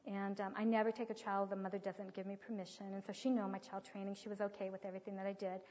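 A middle-aged woman giving an earnest teaching talk with a personal story, soft-spoken and often sinking to a near whisper. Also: medium pitch, little pitch movement, fast. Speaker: speaker on child training. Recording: dull lo-fi sound with long hall reverb.

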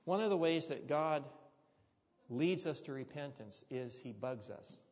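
Chatty preacher in an echoing hall. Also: male voice, fairly high pitch, lively intonation, unhurried, darkish tone. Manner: jokey, chatty asides to the congregation. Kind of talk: sermon storytelling. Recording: dull sound with long hall reverb.

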